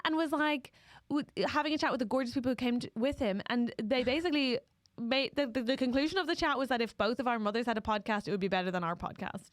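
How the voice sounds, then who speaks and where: A woman's voice: on the high side, fast, dry recording. A woman co-hosting a podcast in a studio, chatting casually in a giggly, rambling, jokey way. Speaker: podcast co-host. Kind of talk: casual chat. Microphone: studio mic.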